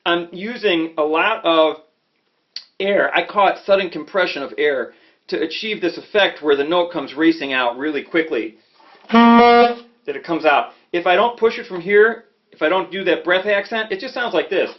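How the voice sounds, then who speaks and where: A man from Chicago giving a relaxed saxophone lesson, talking conversationally and checking in often with "okay?" and "you know". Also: sits high, moderate pace. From Chicago, USA. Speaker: saxophone teacher. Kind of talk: casual instructional talk. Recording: slightly dull lo-fi audio with faint music.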